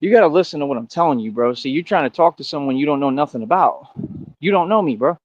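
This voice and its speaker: A man's voice: on the high side, animated, fast, dry recording, dull audio. A man ranting to his chat on a livestream, boastful and confrontational, who keeps calling people bro.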